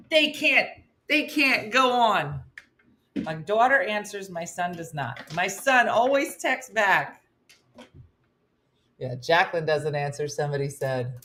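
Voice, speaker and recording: Bright-voiced chatty woman host. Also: deep voice, a little hiss or hum. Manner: chatty and laughing, reads comments aloud in playful voices. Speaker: host of a live morning comedy show. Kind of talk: casual live-stream chat reading viewer comments.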